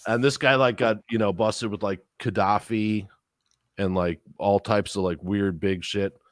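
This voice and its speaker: In a clean, echo-free studio recording, a man with a lowish voice speaks a little slowly while co-hosting a podcast. He relates a long, profanity-laced story in relaxed chat, animatedly performing the quotes of the people involved.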